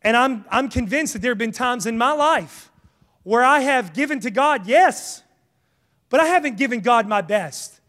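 A man preaching a sermon, conversational and animated, mixing jokes and acted asides into his points. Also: very high voice, moderate pace. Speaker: pastor. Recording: hall reverb.

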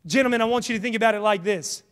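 A man preaching a sermon, conversational and animated, mixing jokes and acted asides into his points. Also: sits high, very fast. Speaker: pastor. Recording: hall reverb.

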